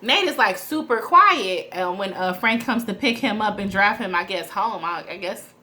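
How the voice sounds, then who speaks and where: Bright-voiced woman recapping a show. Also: mid-range voice, moderate pace. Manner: chatty, addresses viewers as y'all, many fillers. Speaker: TV recap vlogger. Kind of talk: casual episode recap.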